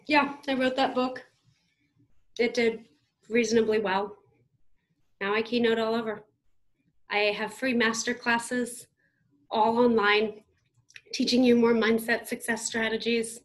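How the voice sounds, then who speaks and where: A woman's voice: on the high side, little pitch movement, measured pace, pauses often. A woman in her thirties giving a motivational keynote speech, emphatic and punchy, speaking straight to her audience. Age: 30s.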